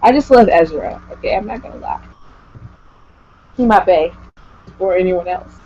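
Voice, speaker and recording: A woman's voice: on the low side, huge pitch swings, moderate pace, vocal fry, mellow. Rambly gushing vlogger woman, lo-fi dull audio, bit of hiss. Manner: gushy, rambling, lots of "like". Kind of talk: casual chat with a guest. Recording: dull lo-fi home recording.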